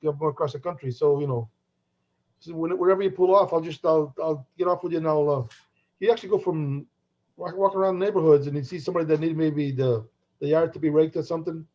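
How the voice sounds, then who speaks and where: A middle-aged man co-hosts a podcast, chatting casually and telling rambling stories full of restarts and laughter. His voice is a little high and his pace brisk. The recording sounds dull and lo-fi.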